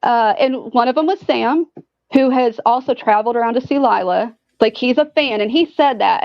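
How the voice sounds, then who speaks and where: Animated, profane woman telling a story. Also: fairly high pitch, moderate pace, creaky, no room sound. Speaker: guest. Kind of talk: casual storytelling chat. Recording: dull lo-fi sound.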